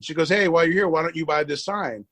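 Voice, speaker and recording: A middle-aged man with a slightly high voice, recorded close and dry with no room sound. He tells his story with animation, acts out the other people's lines and stumbles over repeated words when he gets excited. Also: fast, breathy edge, no room sound. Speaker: podcast guest. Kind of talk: casual storytelling interview.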